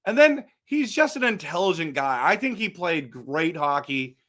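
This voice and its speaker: A man's voice: a little high, very animated, moderate pace, a bit bright. A middle-aged man hosting a casual hockey fan vlog, chatting animatedly and talking straight to his viewers, with frequent repeats and restarts. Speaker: hockey fan channel host.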